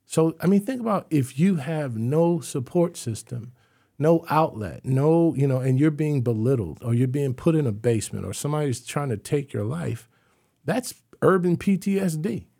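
A husky middle-aged man speaks as an interview guest, his voice mellow and soft-edged. He tells his story earnestly and keeps filling gaps with "you know.". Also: fairly high pitch, lively intonation, moderate pace. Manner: acts out remembered voices.

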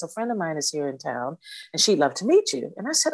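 Low-voiced older woman telling a story. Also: fast, slightly rough, no room sound. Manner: animated, acts out quoted voices. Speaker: interview guest. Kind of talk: storytelling in conversation.

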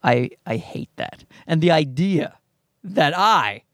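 A man in his thirties, a comedian, hosts his own podcast solo in a casual monologue, rambling, mocking himself, swearing freely and restarting sentences. His voice sits on the high side, expressive and a bit bright, and he takes his time. It's a studio-quality podcast mic with a dry, close sound and no room tone.

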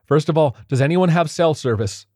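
A man voicing a level-headed woman musician, dryly sarcastic and trying to keep calm. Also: on the low side, moderate pace, no echo, voice pushed up, close to an everyday voice. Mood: steadying. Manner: dry, calming, sarcastic.

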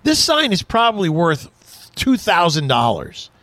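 A man hosting a talk show, telling stories in a casual, animated way, laughing often and acting out voices. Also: high-pitched, unhurried, no room sound. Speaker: radio show host. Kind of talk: casual chat.

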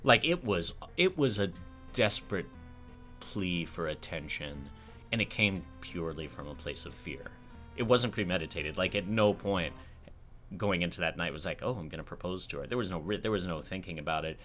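A man in casual conversation, telling a personal story in an animated, self-deprecating way. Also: low-pitched, normal speed, soft background music.

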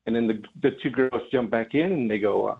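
A comedian calls in and tells his story slowly, pausing on ums and restarts. His voice is gravelly and husky. It comes over a thin, tinny phone line. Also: medium pitch. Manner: hesitant, lots of ums. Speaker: comedian guest. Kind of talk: storytelling on a call-in show. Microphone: telephone.

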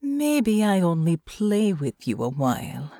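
A woman voicing a big, strong female guard, speaking in a low, sultry, teasing purr. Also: animated, slow pace, dark tone, husky, no echo, studio quality, heavily acted.

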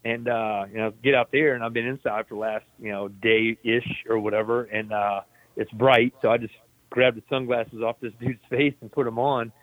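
A man's voice: mid-range voice, little pitch movement, normal speed, no room sound. An army veteran telling a story in a laid-back, profane way, laughing as he goes. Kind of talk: casual storytelling. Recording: tinny phone-like line.

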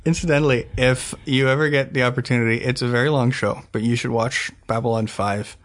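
A man's voice: medium pitch, steady tone, a little fast. Eager trivia-loving male podcast host. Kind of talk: casual podcast chat.

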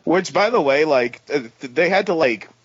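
Podcast co-host, man, husky and dry, rambling and laughing, dull lo-fi sound. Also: a little high, animated, normal speed, no echo. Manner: rambling, laughing, breaks into goofy quoted voices. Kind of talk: casual comic-book chat.

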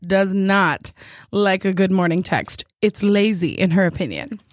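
A woman co-host in casual chat, teasing her friend and quick to laugh and cut in. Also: mid-range voice, no room sound, studio quality.

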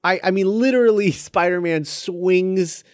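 A man's voice: high-pitched, clear, resonant tone, no room sound, studio quality. A man co-hosting a casual film podcast, talking with enthusiasm and lots of fillers and restarts. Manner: halting, enthusiastic, many fillers. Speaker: podcast co-host.

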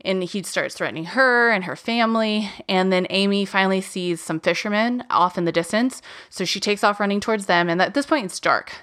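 A woman's voice: mid-range voice, a little fast, hardly any pauses, a bit bright. A woman hosting a podcast, casually recounting a true crime case with lots of "um" and "like". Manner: chatty, many fillers like "um" and "like". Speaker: podcast host.

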